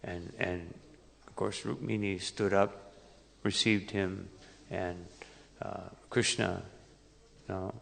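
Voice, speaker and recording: A man giving an unhurried, halting sermon as a monk, with many pauses and fillers. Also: deep voice, steady tone, vocal fry, fairly bright tone. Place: temple hall. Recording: long reverb in temple hall.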